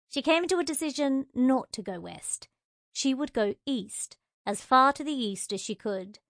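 A woman narrating a novel in a measured, wry storytelling manner. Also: mid-range voice, fairly bright tone, no echo, studio quality. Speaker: audiobook narrator. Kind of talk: scripted narration.

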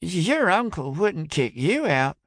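Man doing a high, sarcastic young friend. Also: big pitch swings, takes it slowly, a bit bright, no room sound, clean studio sound, heavily acted. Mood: skeptical.

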